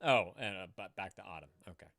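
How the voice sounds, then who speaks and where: A man's voice: sits low, quick pace, creaky, fairly bright tone, no echo. A man co-hosting a live stream, joking around, laughing often and swearing casually. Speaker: co-host.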